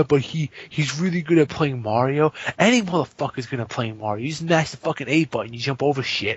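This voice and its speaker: A man's voice: mid-range voice, slightly rough. Profane ranting man on muffled audio. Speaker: podcast guest. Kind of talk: casual podcast rant.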